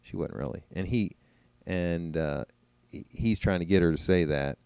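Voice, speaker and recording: Reacting to trial footage, a male commentator talks casually over replayed clips, musing conversationally and sometimes doing mocking imitations of what he hears. His low voice is creaky, slightly mellow, clear and resonant, moving at a moderate pace with no echo.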